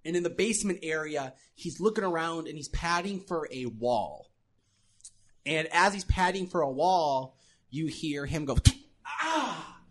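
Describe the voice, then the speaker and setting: A young man runs a tabletop game, his voice sitting a little high. He rambles through the scene with restarts and laughter. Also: expressive, moderate pace, a bit bright. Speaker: game master.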